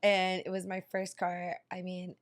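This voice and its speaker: A woman in her thirties chatting casually on a podcast, telling an animated story with frequent swearing and laughter between lines. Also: fairly low pitch, a little slow. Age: 30s.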